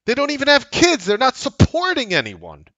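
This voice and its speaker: A man hosting a trading livestream, talking bluntly and sarcastically, swinging from loud outbursts to low asides. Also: huge pitch swings, moderate pace, no room sound. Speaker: trading coach and livestream host. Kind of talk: unscripted livestream commentary.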